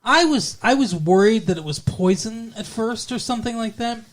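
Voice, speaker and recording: A man's voice: high voice, expressive, normal speed. A man co-hosting a podcast, chatting casually about a movie in a rambling, profane way. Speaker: podcast co-host. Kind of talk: casual movie-review chat.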